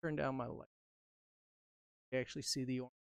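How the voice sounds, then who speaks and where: A woman's voice: a bass voice, little pitch movement, brisk, clean tone, no echo. A woman giving a live-stream balloon-twisting tutorial, talking through each step in a chatty, upbeat way and joking with viewers. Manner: playful asides and jokes to viewers. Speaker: balloon artist and instructor.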